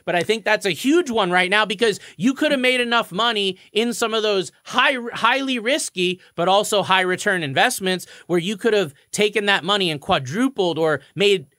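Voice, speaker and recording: A man's voice: sits high, moderate pace, few pauses, sharp tone, no echo, clean studio sound. A man co-hosting a radio show, explaining mortgages in a confident, explanatory way. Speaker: mortgage expert co-host.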